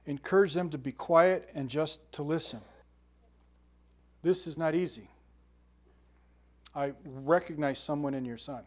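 Older man preaching, animated and chatty. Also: on the high side, a little slow, long pauses. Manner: animated storytelling with sound effects and asides. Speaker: pastor. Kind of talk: sermon.

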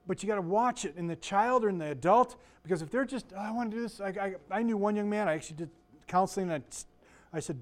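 An older man giving an informal sermon as a pastor, rambling and digressive with frequent restarts and asides. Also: high-pitched.

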